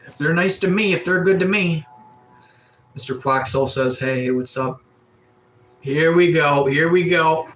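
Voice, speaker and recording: A man's voice: on the high side, unhurried, pauses often, a bit bright, rough recording. Man streaming with a cold. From Atlantic Canada. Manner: reads out and answers chat comments. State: has a cold. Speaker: livestreamer. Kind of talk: casual live-chat stream. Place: sunroom.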